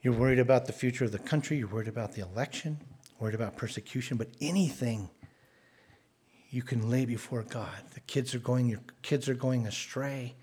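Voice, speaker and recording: A man's voice: medium pitch, a little fast, darkish tone, slightly rough. A man preaching a sermon in an earnest, conversational way, often restarting his words.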